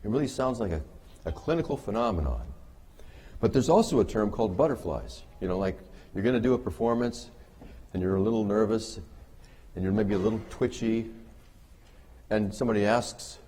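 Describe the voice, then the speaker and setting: A man's voice: on the low side, a little fast, long pauses, dark tone, slightly rough. A man giving a humorous conference lecture on behavior analysis, wry and joking with the audience. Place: conference hall.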